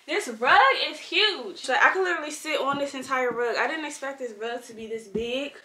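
A young woman with a high voice talks straight into a camera mic in her bedroom, blunt and chatty, full of slang and casual swearing. The room around her rings with echo. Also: moderate pace, pushed and bright. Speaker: home decor vlogger. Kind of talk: casual chat. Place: bedroom at home.

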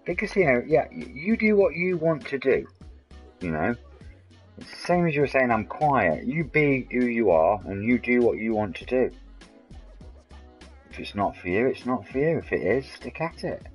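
A man's voice: medium pitch, very animated, moderate pace, husky, faint music behind. A man, chatting and rambling in a matey way to viewers of his game stream. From England. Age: 40s. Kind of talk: casual live-stream chat.

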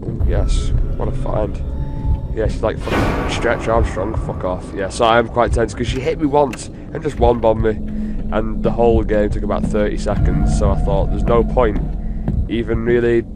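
A man's voice: fairly low pitch, moderate pace, over loud music. A man giving casual, profane and rambling commentary while he plays a horror game for his channel. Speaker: gaming video host. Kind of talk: let's play commentary. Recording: steady background noise.

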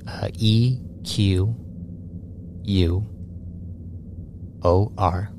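A man narrating a tabletop game as game master, halting with many restarts. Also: on the low side, fairly even intonation, noisy background.

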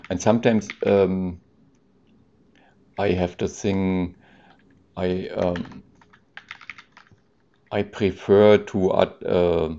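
Deep gravelly man thinking aloud. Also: steady tone, very slow, long pauses, mellow. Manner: thinks aloud, hesitant, with many ums and restarts; reads out and answers chat questions with amusement. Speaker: streamer coding live. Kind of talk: casual live-coding stream commentary. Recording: dull lo-fi stream audio.

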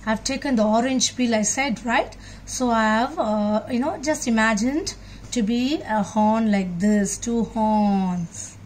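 A woman teaching young children a craft, speaking slowly and patiently in a fairly high voice. She keeps asking her young audience questions as she works. Faint noise sits behind her. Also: a little mellow.

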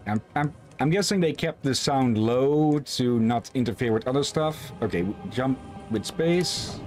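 A man's voice: mid-range voice, expressive, a little slow, a little mellow, faint music behind. A man streaming and casually commenting on a game, hesitant and restarting his sentences. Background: game audio.

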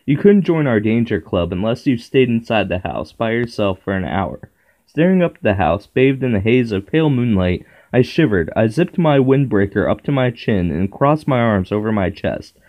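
A man reading a children's horror book aloud in a steady first-person storytelling manner. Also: lowish voice, normal speed, lo-fi sound. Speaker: narrator.

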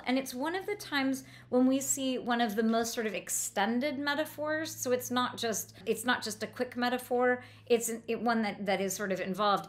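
A woman giving a literary lecture on a novel, thoughtful and enthusiastic, with frequent restarts and fillers. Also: on the high side. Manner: enthusiastic about the prose. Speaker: book lecturer.

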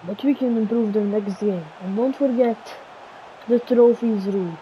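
A woman's voice: medium pitch, normal speed. A woman giving play-by-play commentary on her own football video game match, critical of herself and muttering between the calls. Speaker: gaming channel host. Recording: dull lo-fi recording, faint hiss.

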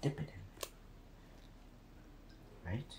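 A teenage boy talking casually and excitably. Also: drawn-out words, roomy sound, a little hiss or hum. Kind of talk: casual chat.

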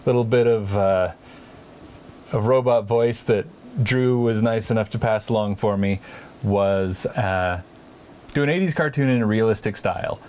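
A man's voice: lowish voice, unhurried, darkish tone, clean tone. A man hosting a casual art chat, telling stories and explaining ideas in a playful, rambling way with many restarts. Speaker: podcast host, artist.

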